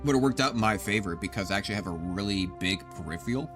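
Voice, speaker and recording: A man's voice: on the low side, animated, fast. A man in his thirties giving casual, rambling gameplay commentary as a streamer, swearing often and talking to his chat. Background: background music.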